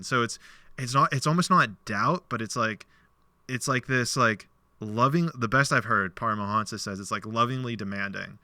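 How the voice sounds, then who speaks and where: A man's voice: mid-range voice, moderate pace, dry recording. A man hosting a podcast, casually retelling a parable and acting out its dialogue in a loose, filler-heavy way. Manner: animated storyteller, acts out quoted dialogue; loose speech with many "like" fillers. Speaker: podcast host.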